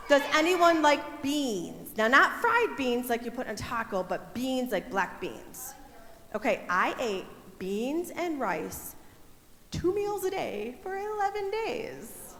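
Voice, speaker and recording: A young woman with a high, slightly bright voice leads a children's sermon in a church sanctuary, teaching the kids in a playful way and coaxing them to join in. The hall is echoey, with faint room ambience.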